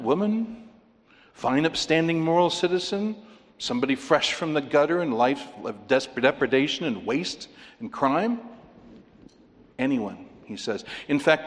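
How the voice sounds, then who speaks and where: A man preaching a sermon, emphatic and animated, leaping up in pitch to stress his points. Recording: long hall reverb.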